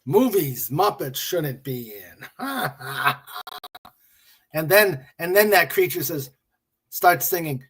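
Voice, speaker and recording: A man's voice: a little high, sing-song, takes it slowly, a bit bright, breathy edge. A man hosting a casual stream, reading memes and jokes aloud, chuckling and muttering to himself. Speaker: livestream host.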